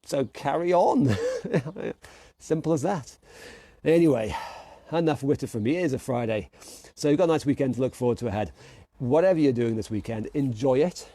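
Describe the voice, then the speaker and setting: A man's voice: mid-range voice, a little fast, warm tone, no echo. A man coaching an online workout class, calling out moves and counting down with upbeat encouragement. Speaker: fitness instructor.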